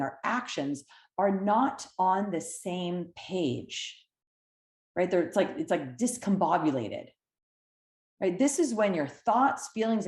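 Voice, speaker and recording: Woman coach, animated conversational delivery, checks in with listeners constantly, roomy echo on the voice. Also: medium pitch. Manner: lively, conversational, frequent "right?" check-ins. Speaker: weight-loss coach. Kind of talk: coaching talk to camera.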